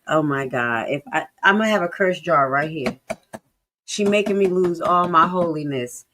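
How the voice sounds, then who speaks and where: A woman streamer with reacts in heated, sarcastic bursts. She curses freely and drops from loud outbursts to low mutters. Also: moderate pace. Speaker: live-stream commentator. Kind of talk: profane reaction commentary.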